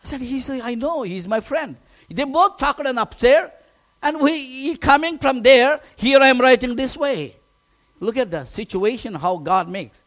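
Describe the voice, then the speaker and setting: A pastor telling a personal testimony in a sermon, emotional and animated, often restarting his words. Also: very high voice, a little slow.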